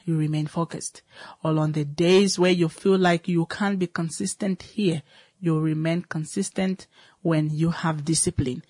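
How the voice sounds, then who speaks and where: A talk show host giving a slow, reflective motivational talk, short of breath with a dry cough, asking and answering its own questions. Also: mid-range voice, a little mellow, dry recording.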